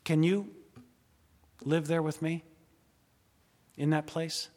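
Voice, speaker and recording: A man preaching a sermon as pastor, dramatic, swinging from loud emphasis to hushed asides. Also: on the high side, fairly even intonation, takes it slowly. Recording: long hall reverb.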